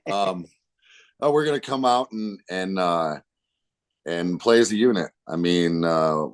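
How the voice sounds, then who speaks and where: A man with a very deep voice talks casually as a guest player on a football show. He rambles a little, with plenty of fillers and restarts. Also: expressive, measured pace, clean tone. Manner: easygoing, rambling, many fillers. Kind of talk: casual chat.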